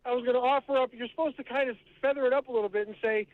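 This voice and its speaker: A man's voice: extremely high pitch, steady tone, rapid-fire, narrow, tinny audio. A man calling in to a radio show, friendly and joking, laughing as he talks. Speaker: caller. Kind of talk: phone-in radio chat.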